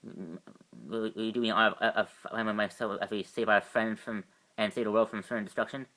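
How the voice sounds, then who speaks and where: A man voicing a wry, remorseful male agent, halting and full of restarts. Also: fairly low pitch, fairly even intonation, pushed and bright. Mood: sheepish. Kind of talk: amateur fan voice acting.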